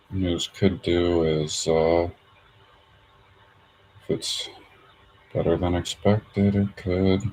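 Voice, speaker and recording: A man's voice: deep voice, vocal fry, a little mellow, a little hiss or hum, poor audio. A man streaming his trading session, thinking aloud in a casual, hesitant way with lots of fillers. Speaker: day trader streaming his charts.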